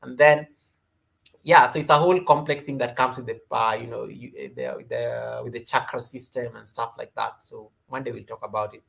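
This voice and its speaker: A woman from Kenya with a Kenyan accent, hosting a casual yoga livestream and chatting through viewer comments. She rambles and greets viewers by name, and her voice often jumps up in pitch and loudness. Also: steady tone, normal speed, vocal fry.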